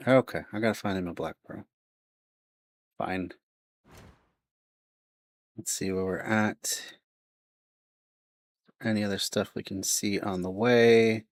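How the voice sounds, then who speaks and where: A man's voice: on the low side, steady tone, slow pace, long pauses, no echo. Chatty male game streamer. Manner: chatty, thinking aloud. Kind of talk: casual let's-play commentary.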